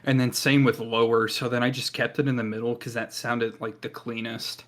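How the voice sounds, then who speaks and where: A man's voice: medium pitch, little pitch movement, normal speed. A man chatting casually on a podcast in an easygoing, rambling way. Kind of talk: casual chat.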